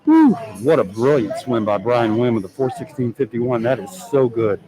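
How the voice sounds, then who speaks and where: Excitable man announcing a swim meet. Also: medium pitch, normal speed, rough recording. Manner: excitable, chatty and joking. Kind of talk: live event announcing. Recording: crowd clearly heard behind. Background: crowd of spectators.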